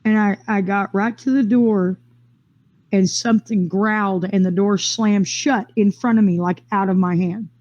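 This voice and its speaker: A woman telling her own story in a casual, rambling way, with quick bursts, fillers and restarts. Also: mid-range voice, fairly even intonation, darkish tone, highs cut off. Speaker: interviewee sharing a personal experience. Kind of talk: casual first-person storytelling.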